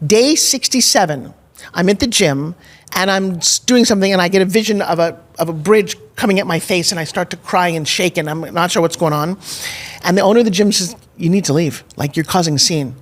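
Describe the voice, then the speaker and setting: A woman's voice: fairly low pitch, fairly quick. A middle-aged woman as a podcast guest, telling a personal story candidly and with emphasis, acting out her own past thoughts. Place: studio in Nashville.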